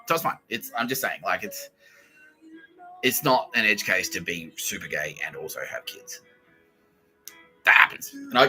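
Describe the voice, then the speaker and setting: A man hosting a podcast, telling a comic story in a loose, sweary, animated way and laughing between phrases. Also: sits low, rough recording. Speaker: podcast host. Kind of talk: casual comedic storytelling.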